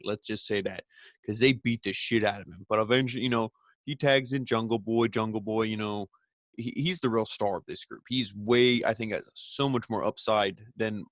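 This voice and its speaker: A man with a lowish voice talks through a wrestling show recap, rambling and opinionated, stopping and restarting his thoughts. The recording is dry and close, with no room sound around him. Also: fairly bright tone, dry recording. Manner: rambling, opinionated, frequent fillers.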